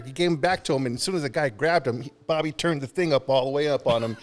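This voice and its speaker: A man guesting on a podcast, telling rambling anecdotes in relaxed, casual conversation. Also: medium pitch, fast, faint music behind. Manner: laid-back, rambling anecdotes with laughs.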